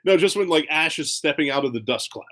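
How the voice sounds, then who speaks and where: A man in his twenties co-hosting a podcast, chatting casually in an excitable, joking way and laughing often. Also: fairly high pitch, fast talker. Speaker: podcast co-host. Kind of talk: casual chat.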